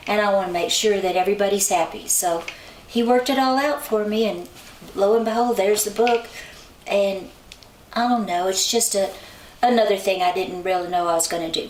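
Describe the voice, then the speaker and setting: A woman tells her story in a chatty, relaxed way, slipping into lively voices whenever she quotes someone. She sits some way back from the mic in a roomy, echoing space, with a faint hiss underneath. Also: medium pitch, normal speed. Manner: chatty, acts out quoted people with lively shifts in voice. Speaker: songwriter and author guest. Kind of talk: casual storytelling in an interview. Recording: roomy sound from a distant mic, faint noise.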